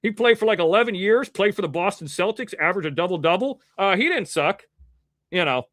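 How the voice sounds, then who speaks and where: A man's voice: high voice, expressive, a little fast, fairly bright tone, no echo, studio quality. A man hosting his own livestream news show, rambling and combative, calling out critics directly, his voice a little muffled by a face mask. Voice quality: slightly muffled from wearing a mask. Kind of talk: casual livestream commentary.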